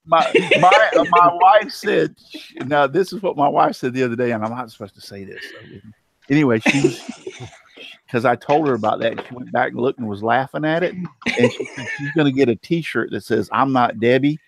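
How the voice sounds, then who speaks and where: A man's voice: mid-range voice, fairly quick, vocal fry, noisy background. A man hosting a casual livestream chat, telling jokey stories and laughing often over a video call. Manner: joking storyteller, laughs often. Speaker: host.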